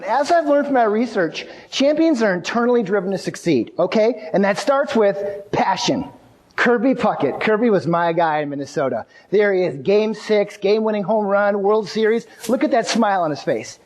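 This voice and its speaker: A man's voice: high voice, moderate pace. A man giving a live motivational keynote, telling stories energetically and turning to the audience with questions. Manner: energetic storytelling with asides to the audience. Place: large venue before an audience. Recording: long hall reverb.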